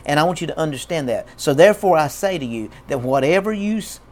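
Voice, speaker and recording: A man's voice: a little high, lively intonation, fast talker. A man preaching a sermon as a pastor, emphatic and repeating key words.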